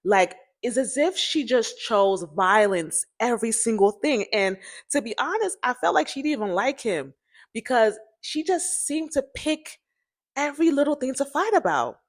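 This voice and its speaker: A woman casually telling a personal story to her viewers, chatty and animated, often turning to address them directly. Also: a little high, moderate pace. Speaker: storytime vlogger.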